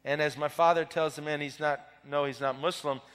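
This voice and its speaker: A man's voice: a little high, fairly even intonation, fairly quick, fairly bright tone, clear, resonant tone. A man from the Middle East preaching a sermon, telling a story and building to fervent exhortation. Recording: long hall reverb.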